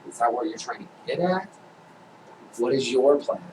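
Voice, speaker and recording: Man, game master, tabletop narration, hesitant and slow, distant mic, faint hiss. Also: mid-range voice, expressive, a little mellow. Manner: slow, hesitant description with fillers.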